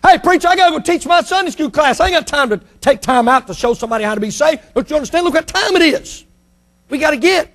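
A man's voice: extremely high pitch, animated, quick pace, fairly bright tone, pitched above the performer's own voice, full character voice. A male preacher voicing an impatient church member who hurriedly brushes off the preacher with excuses.

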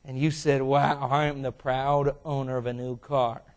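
A man preaching a sermon to young people, telling a story and acting out its characters in sudden loud bursts, then dropping low and quiet. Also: flat delivery, normal speed.

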